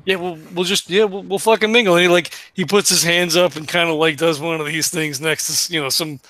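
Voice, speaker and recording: A man's voice: a little high, steady tone, brisk, pushed and bright, dry recording. A man playing his character at a tabletop game, laid-back and swearing casually. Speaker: player.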